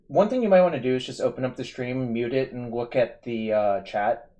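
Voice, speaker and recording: A man's voice: mid-range voice, a little fast, dark tone, muffled recording. A man hosting a live game stream, analyzing plays in a casual, thinking-aloud way. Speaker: streamer host. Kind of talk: casual gaming commentary.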